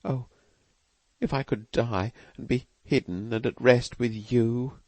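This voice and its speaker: Guy doing a fragile young woman in an audiobook, pleading and trembly, pitched way up, dry close sound. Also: fairly even intonation, slow pace, a little mellow, dry recording, close to an everyday voice.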